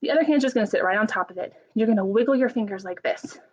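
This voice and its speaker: A young woman leading a children's story time, asking slow sing-song questions and making playful animal sounds. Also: medium pitch. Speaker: children's librarian. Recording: dull lo-fi camera audio.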